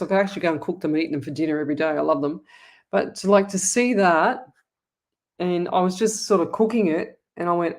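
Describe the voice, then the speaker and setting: An Australian woman with a fairly low, slightly mellow voice hosts a live stream as a psychic medium. She chats casually with her viewers, rambling in an affectionate way.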